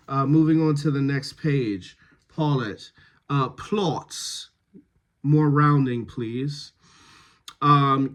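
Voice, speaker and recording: A man working as a dialect coach, reading rehearsal notes to a cast in a slow, measured way with frequent pauses. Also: mid-range voice.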